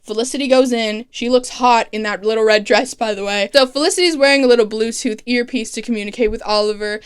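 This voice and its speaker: A woman talks through a TV season in a loose, chatty recap, full of swearing and sarcastic asides. Her voice sits a little high and comes across smooth and clear. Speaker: TV recap vlogger. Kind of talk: casual, profane recap commentary.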